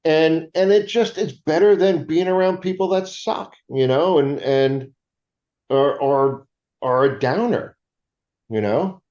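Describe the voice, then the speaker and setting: Animated man with a roomy, dull sound. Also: medium pitch. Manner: animated, joking, many restarts. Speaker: paranormal investigator guest. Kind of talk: casual interview chat.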